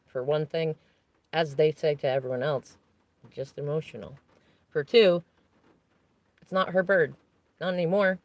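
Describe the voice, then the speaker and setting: A woman's voice: sits low, no echo. A woman vlogger sitting in a parked van, venting about a family conflict in a long, rambling, unscripted rant.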